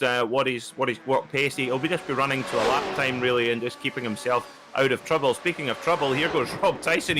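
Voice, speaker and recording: Relaxed male co-commentator, chatty. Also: fairly high pitch, noisy background. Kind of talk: live sim racing commentary.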